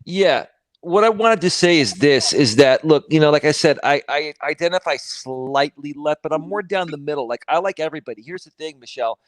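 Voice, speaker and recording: A man speaking as a guest on a casual livestream panel, talking in a measured, careful way with some hedging. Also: on the high side, expressive, no room sound. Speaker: guest streamer.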